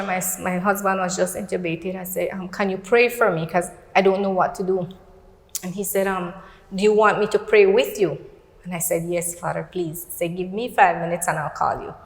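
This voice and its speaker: A middle-aged Belizean woman tells her story earnestly at an even, mid-range pitch, often slipping into quoted dialogue. Her voice rings with the echo of a roomy space and a long reverb tail. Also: a little fast. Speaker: guest. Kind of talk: personal testimony in a faith talk show.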